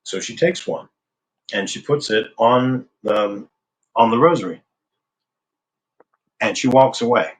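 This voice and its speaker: A man's voice: medium pitch, a little slow, pauses often, a little hiss or hum, poor audio. A man being interviewed, telling a personal story in a casual, conversational way and acting out the remembered dialogue. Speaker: interview guest.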